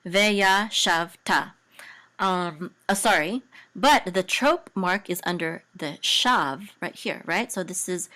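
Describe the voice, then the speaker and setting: A woman teaching biblical Hebrew, explaining patiently with many fillers and soft, quiet asides. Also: on the low side.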